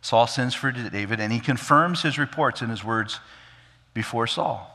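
A man preaching a sermon, animated, acting out the characters' lines with big jumps in pitch. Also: normal speed. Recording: long hall reverb.

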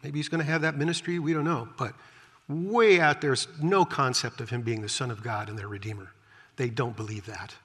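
Husky preacher with wry asides. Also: male voice, medium pitch, brisk, fairly bright tone. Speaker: preacher, Bible teacher. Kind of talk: conversational Bible-teaching sermon. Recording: long hall reverb.

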